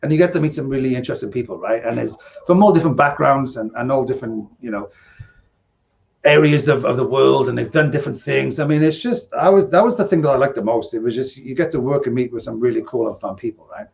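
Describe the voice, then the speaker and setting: A man's voice: mid-range voice, fast, gravelly, a little mellow, dull audio. A man co-hosting a podcast, telling rambling casino anecdotes in casual chat, often checking in with "right?". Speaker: podcast co-host, former casino dealer.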